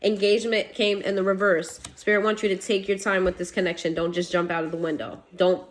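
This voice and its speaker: A woman's voice: mid-range voice, level tone, a little fast. A woman giving a casual tarot reading to her viewers, blunt and swearing, laughing now and then. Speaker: tarot reader.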